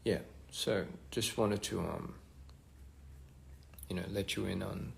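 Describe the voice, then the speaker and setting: A young man casually chatting on a phone livestream, reading fan comments aloud with halting restarts and many fillers. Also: low-pitched, fairly even intonation, creaky, slight background noise. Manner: halting, many restarts and fillers, switching between English and Korean. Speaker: musician hosting a livestream.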